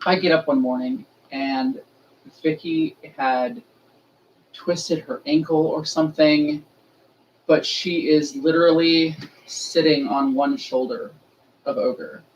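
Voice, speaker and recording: A woman's voice: deep voice, slow. A woman leading a remembrance ritual, telling stories casually and acting out the voices of the people in them. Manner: animated, acts out quoted voices, laughs often. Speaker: ritual leader and storyteller. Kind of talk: casual storytelling. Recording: dull distant audio with faint noise.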